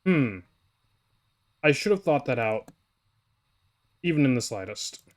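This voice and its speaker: Man streaming a game, loose rambling chatter to viewers, mid-pitched. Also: very animated, measured pace. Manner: rambling, talks to chat while playing. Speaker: livestreamer. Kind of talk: casual live gameplay chat.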